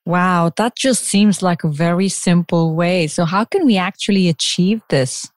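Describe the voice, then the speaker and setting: A woman's voice: on the low side, a little slow, no echo. A woman hosting a podcast interview, asking polite, brief questions. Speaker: podcast host.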